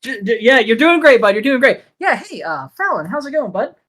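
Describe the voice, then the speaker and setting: A woman playing a tabletop game, excitable and quick to swear and laugh. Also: fairly high pitch. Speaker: player. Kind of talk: casual tabletop play.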